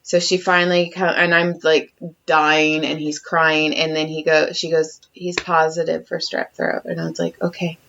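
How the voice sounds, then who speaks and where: A woman's voice: sits low, normal speed, gravelly, slight background noise. A woman co-hosting a podcast, telling a story in casual chat with lots of swearing and acted-out quotes. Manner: animated storytelling, acting out quotes, heavy swearing. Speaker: podcast co-host. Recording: dull lo-fi sound.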